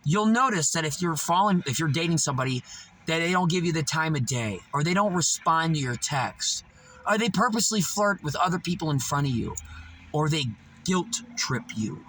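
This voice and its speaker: A man telling stories in casual talk, animated and swearing freely. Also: on the high side, normal speed, slight background noise. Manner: animated, swearing, laughing at his own stories. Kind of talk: casual storytelling monologue.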